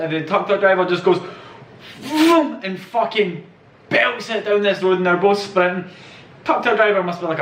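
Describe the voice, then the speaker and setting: This travel vlogger is a young man with a high, slightly bright voice who tells meandering, profanity-laced stories from his trips, laughing throughout. He's picked up at a distance in an echoey space, and there's some faint background noise.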